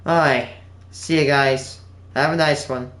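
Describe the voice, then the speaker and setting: A man's voice: mid-range voice, fairly even intonation, a little slow, a bit bright. A young man streaming a game live, chatting to viewers in a casual, earnest, rambling way. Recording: echoey room with faint background hum.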